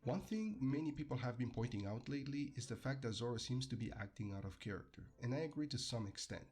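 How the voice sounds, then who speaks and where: A man narrating a scripted commentary in a measured, analytical way. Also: mid-range voice, expressive, a little mellow, slightly rough. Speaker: video essayist.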